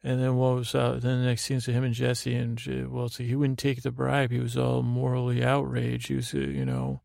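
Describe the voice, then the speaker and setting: A man hosting a podcast, giving a meandering, halting bedtime recap with many restarts. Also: medium pitch, monotone, creaky, a little mellow, no room sound, clean studio sound. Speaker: podcast host.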